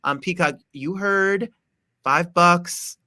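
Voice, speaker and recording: An eager male interview host with a bright, forceful tone, promoting the show and stumbling over restarts. The sound is dry and close, with no room around it. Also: high voice, slow, no room sound. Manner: enthusiastic, promotional, stammering restarts. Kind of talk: interview hosting, online show.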